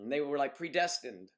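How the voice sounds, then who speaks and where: An older man with a Southern US accent hosting a casual livestream, chatting with viewers in a rambling way and often clearing his throat. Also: mid-range voice. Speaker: livestream host. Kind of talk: casual livestream chat reading viewer comments.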